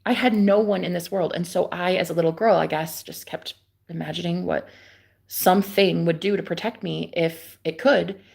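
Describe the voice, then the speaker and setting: Young woman streamer, husky and low-pitched, rambling and confessional, hushed one moment and loud the next. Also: steady tone, moderate pace. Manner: swings between hushed whispers and loud exclamations; chatty, confiding, profane. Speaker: live streamer. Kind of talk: casual rambling monologue.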